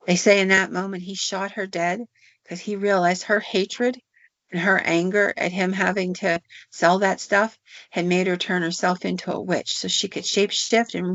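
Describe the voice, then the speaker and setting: A woman's voice: fairly low pitch, little pitch movement, moderate pace, fairly bright tone, no echo. A woman podcast host narrating a folk tale in a folksy, drawling way with casual fillers. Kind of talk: storytelling narration. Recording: dull, dry recording.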